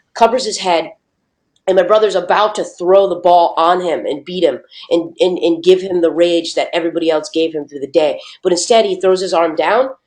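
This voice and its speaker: A young woman with a slightly low voice tells a story in a casual chat. She talks emphatically, swears freely and keeps dropping "dude" and "okay". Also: darkish tone. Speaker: host.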